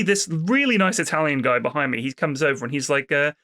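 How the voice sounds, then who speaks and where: A middle-aged man from the UK tells holiday stories to his co-hosts, swearing freely and acting out the people he met. His voice sits a little high and sounds bright. The sound is close and dry. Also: fairly quick, dry recording. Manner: animated, swears freely, acts out people in anecdotes. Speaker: podcast co-host. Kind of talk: casual storytelling chat.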